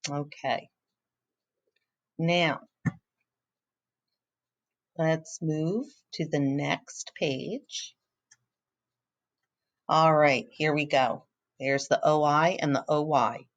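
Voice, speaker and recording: In a recorded phonics lesson, a low-voiced woman teaches slowly and patiently with a steady tone. She often pauses to encourage her pupils.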